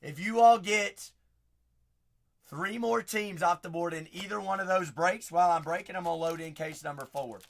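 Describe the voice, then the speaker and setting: On a live card break stream, a man with a high, raspy voice talks at a moderate pace. He keeps up a chatty patter, pumping up viewers and shouting out their names.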